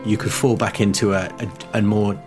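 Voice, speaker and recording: A male player with a low voice who talks things through slowly, with pauses and hesitations. Music plays clearly behind him. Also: flat delivery. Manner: thoughtful and hesitant. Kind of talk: casual game table chat. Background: background music.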